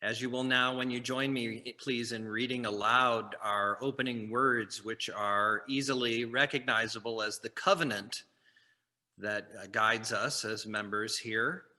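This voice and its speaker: Slow, bright-voiced man leading worship. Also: medium pitch, fairly even intonation. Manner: unhurried, with frequent fillers and restarts. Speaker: minister. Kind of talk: leading an online worship service. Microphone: video call.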